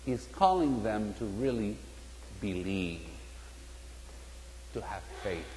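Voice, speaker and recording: A priest giving a casual, storytelling sermon, telling a joke before turning to the gospel. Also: male voice, fairly low pitch, slow, slight background noise. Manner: storytelling, animated in quoted voices. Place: church. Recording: echoey church hall with long reverb.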